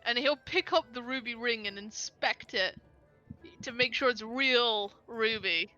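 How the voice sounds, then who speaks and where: A woman's voice: fairly high pitch, a little slow, sharp tone, faint music behind. A woman player casually describing her character's actions in a tabletop game. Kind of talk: tabletop role-play narration. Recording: slightly dull, lo-fi sound.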